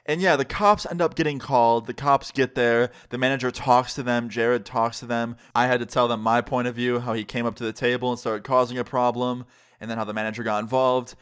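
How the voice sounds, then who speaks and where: A man's voice: mid-range voice, fairly even intonation, fairly quick, a bit bright, smooth. A young man casually narrating a storytime on his vlog in a laid-back, slangy way. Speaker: vlogger.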